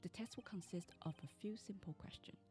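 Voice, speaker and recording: A woman's voice: lowish voice, brisk, mellow, faint music behind, close to an everyday voice. A woman voicing a stern older male judge in a game, reading his lines formally. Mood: solemn.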